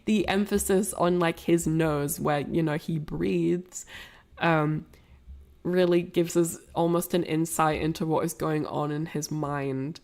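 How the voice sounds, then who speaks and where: Woman, fairly low voice, casual film commentary, rambling, lots of fillers. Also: fairly even intonation, slow, darkish tone. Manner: rambling, many fillers and restarts. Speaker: streamer analysing a film.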